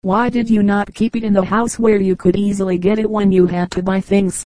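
A reader voicing a calm, sensible male stranger in an audiobook fable, reasoning plainly. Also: mid-range voice, fairly quick, no room sound, lightly acted. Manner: level, reasoning.

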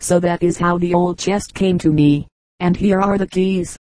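A woman reading the part of a calm middle-aged gentleman father in a storybook, in a measured, explanatory way. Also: fairly low pitch, no echo, natural voice, low-quality recording.

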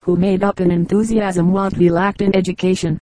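A woman reading a collection of short humorous stories aloud as an audiobook narrator, in a steady storytelling manner. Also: medium pitch, a little fast, dry recording, rough recording. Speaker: audiobook reader. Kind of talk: scripted narration.

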